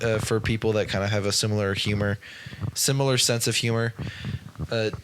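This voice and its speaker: A man's voice: on the low side, fairly even intonation, a little fast, slight background noise. A man co-hosting a casual podcast, reading his award picks and talking loosely, often stumbling over names and apologizing. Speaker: podcast co-host. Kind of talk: casual chat.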